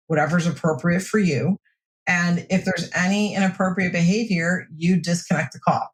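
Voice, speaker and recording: Woman counselor giving calm advice. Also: lowish voice. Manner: steady, reassuring advice-giving. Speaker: mental health counselor guest. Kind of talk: podcast interview advice.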